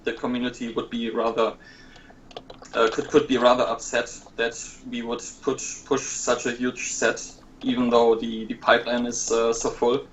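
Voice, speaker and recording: A man talking in a casual podcast chat, measured and hesitant with frequent fillers, explaining plans for a keycap set. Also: mid-range voice, little pitch movement, lo-fi sound, a little hiss or hum.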